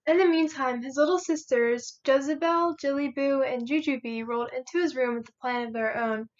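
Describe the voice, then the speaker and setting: A teenage girl reads a children's picture book aloud with a lively, rhythmic lilt. Her voice is high, and the home recording sounds muffled and lo-fi. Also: normal speed. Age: late teens. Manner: lively, rhythmic rhyming delivery. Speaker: volunteer reader. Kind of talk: children's storybook read-aloud.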